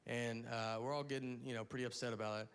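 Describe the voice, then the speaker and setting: A man's voice: mid-range voice, fairly even intonation, fast talker, clear, resonant tone. A man from the American South doing stand-up, telling a rambling, self-interrupting story. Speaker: stand-up comedian. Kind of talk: stand-up comedy routine.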